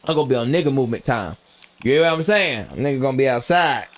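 A man's voice: medium pitch, sing-song, fast talker. A young man streaming a role-play game, chatting casually, telling stories in slangy, profane talk and laughing often. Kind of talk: casual gameplay chat.

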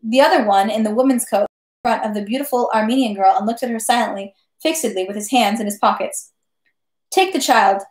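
A woman reading a classic novel aloud at home, steady with occasional slips and self-corrections. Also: a little high, quick pace, reverberant. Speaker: reader.

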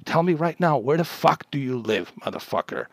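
A man's voice: on the high side, big pitch swings, normal speed, creaky, no room sound. A man from Bosnia, a livestreamer, delivering an aggressive, profane rant at a chat troll.

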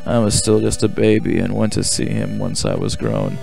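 A man's voice: fairly low pitch, big pitch swings, moderate pace, gravelly, a little mellow, faint music behind, pitched below the performer's own voice, full character voice. A man reading a bitter villain's backstory. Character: bitter male villain telling his past.

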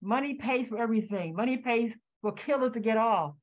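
A woman's voice: a little high, brisk. Older woman, emotional, tinny call audio. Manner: impassioned, repeating herself, voice rising. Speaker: community descendant speaking on a panel. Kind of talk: emotional testimony. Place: home, joining by video call. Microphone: video call.

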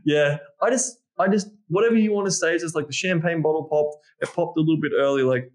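Blunt Australian man, higher voice. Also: fast, hardly any pauses. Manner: blunt and heavily profane, acts out lines he would say. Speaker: guest, dating and sex coach. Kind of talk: candid podcast conversation.

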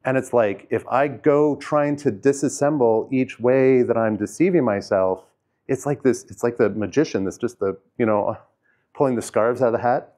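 A man talking casually about his own experiences in a self-help talk, rambling, with fillers and restarts, and dropping quiet on heavy moments. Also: mid-range voice, moderate pace. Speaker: host sharing personal experience.

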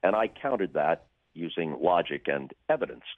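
An older broadcaster telling dry, wry anecdotes with deadpan punchlines as a radio show guest. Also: male voice, low voice, normal speed, dry recording, narrow, tinny audio. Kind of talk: storytelling in a radio interview.

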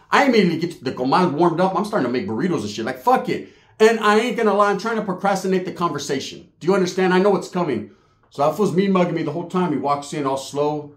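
A man's voice: on the high side, animated, fast. A man telling a comedic, profane story, acting out voices as he goes. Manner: profane, streetwise, acts out voices. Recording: echoey room.

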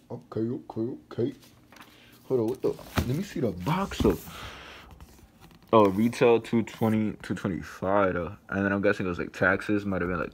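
A man's voice: on the low side, darkish tone, a little hiss or hum. A young man vlogging an unboxing, ranting in slangy, profane casual talk while he is sick.

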